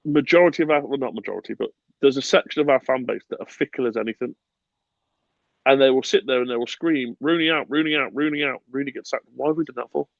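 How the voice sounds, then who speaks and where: A man hosting a casual football podcast, animated and swearing freely, with bursts of laughter. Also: medium pitch, fast, vocal fry, dry recording, dull audio. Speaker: podcast host.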